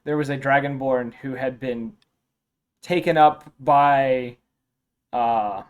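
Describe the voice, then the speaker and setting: A man narrates as dungeon master, setting scenes and describing characters in a halting, descriptive way. His voice sits in a middling pitch. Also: clear, resonant tone. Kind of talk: narrating a tabletop game.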